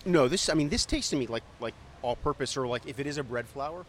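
A man's voice: medium pitch, animated, fast talker, a bit bright, a little hiss or hum. A man co-hosting a casual food podcast, eating pizza as he talks and explaining things with many ums and restarts. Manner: hesitant, filler-heavy, thoughtful, talks while eating. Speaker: podcast co-host.

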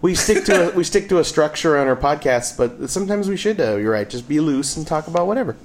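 A man co-hosting a podcast in casual chat, jokey and quick to laugh. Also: fairly high pitch. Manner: jokey, laughs often, animated. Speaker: podcast co-host. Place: home.

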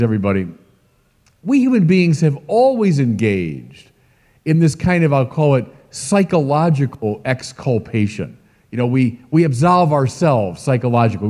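A middle-aged man, a bishop, preaching a sermon in an emphatic, lively way with asides to the congregation. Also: mid-range voice. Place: large church. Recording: long church reverb.

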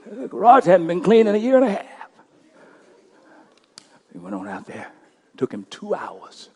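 A male pastor telling a story during a sermon, impassioned, swinging between loud bursts and hushed passages. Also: high voice, huge pitch swings, unhurried, breathy edge.

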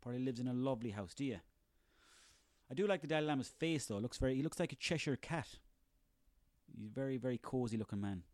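A man's voice: medium pitch, fast, a little mellow, no room sound. An Irish man in his thirties delivering a sarcastic, profanity-laden comic rant on his own. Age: 30s. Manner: profane, sarcastic, ranting, rambling.

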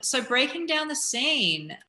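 Bright-voiced Australian woman, chatty. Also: high voice, slow. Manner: chatty, animated, many fillers. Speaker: actor giving acting advice. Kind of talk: casual acting tips to camera.

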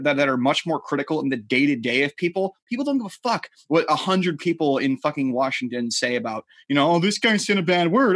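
A man's voice: on the high side, slightly rough, no echo, clean studio sound. A man co-hosting a podcast, arguing hard in a heated casual debate, swearing and cutting in. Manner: emphatic, swears, cuts in. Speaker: podcast co-host.

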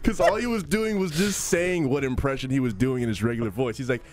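A man's voice: medium pitch, brisk. A young man co-hosting a podcast in casual chat, joking and laughing as he chimes in. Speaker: podcast co-host.

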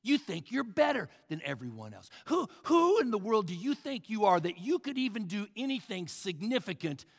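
Man playing a sneering critic, low and gravelly, taunting, hall reverb. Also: big pitch swings, normal speed, few pauses, heavily acted. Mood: scornful. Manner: scornful, taunting. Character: sneering male critic and cynic.

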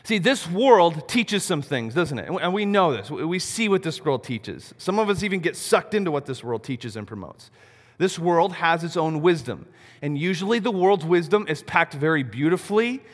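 A man preaching a sermon, animated, asking rhetorical questions and swinging between loud and soft. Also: fairly high pitch, moderate pace. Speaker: pastor. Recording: long reverb of a large hall.

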